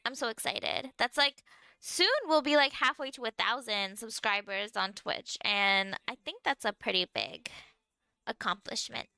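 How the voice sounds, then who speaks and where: A woman's voice: a little high, unhurried, gravelly, bright, forceful tone, no room sound. A young woman streamer chatting casually with viewers while she eats, filling her talk with "like". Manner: chatty, lots of "like", talking while eating. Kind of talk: casual livestream chat.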